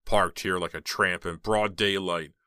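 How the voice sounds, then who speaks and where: A man reading an audiobook and voicing a harsh, controlling middle-aged uncle, scratchy and high-pitched, scolding angrily. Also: steady tone, unhurried, sharp tone, clear, resonant tone, no echo, clean studio sound. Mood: angry, scolding. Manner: angry, scolding.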